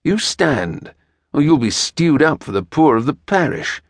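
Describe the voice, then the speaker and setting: A man voicing a stern, fussy gentleman who speaks in a dry, clipped, pompous way. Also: on the high side, very animated, unhurried, dry recording, exaggerated voice. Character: stern, fussy tall gentleman rider, sardonic.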